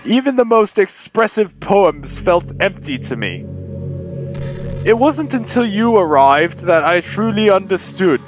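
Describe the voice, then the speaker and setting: Guy voicing a clingy lovesick game girl, high voice, slow and hushed. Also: very animated, faint music behind. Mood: yearning. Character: obsessive lovesick teenage girl from a visual novel. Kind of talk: reading game dialogue aloud.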